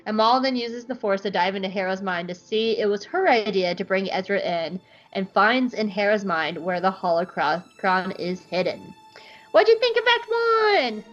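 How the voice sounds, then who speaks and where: A woman's voice: medium pitch, moderate pace, hardly any pauses, soft background music. A young woman hosting a podcast, recapping an episode in a chatty, irreverent way and swearing casually. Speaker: podcast host. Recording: slightly muffled lo-fi recording.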